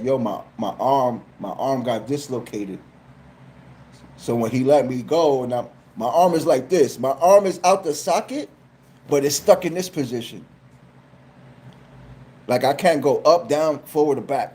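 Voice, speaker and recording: A man, telling a funny story on a live stream, animated and profane, often repeating his phrases. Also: on the high side. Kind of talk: casual comedic storytelling.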